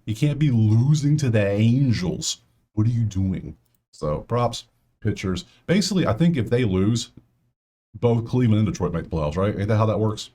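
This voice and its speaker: A man's voice: on the low side, warm tone. A man hosting a casual solo sports betting breakdown, talking straight to players and viewers with grumbling asides.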